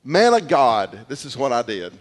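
A middle-aged male pastor preaching a sermon in church, telling stories in an animated way, repeating words and acting out quotes. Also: medium pitch, moderate pace. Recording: long hall reverb.

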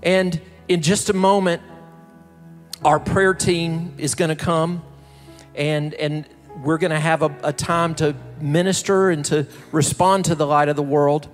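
A male pastor from the American South delivering a slow, emphatic sermon, building up repeated phrases. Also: on the high side, fairly even intonation. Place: large church sanctuary. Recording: reverberant hall with soft music behind.

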